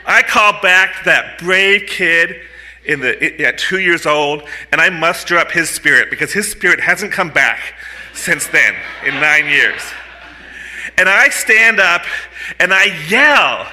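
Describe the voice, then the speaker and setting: Animated high-voiced man telling a story. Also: slow. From United States. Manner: animated, punchy delivery with comic asides. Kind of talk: live personal storytelling. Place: stage at a live storytelling event. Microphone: mic on a stand in front of him.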